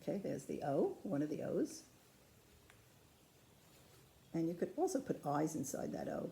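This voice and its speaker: A woman's voice: deep voice, a little fast, vocal fry, slight background noise. A woman patiently demonstrating ceramic painting step by step, chatting to the camera as she works. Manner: calm, patient, chatty instruction. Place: craft studio.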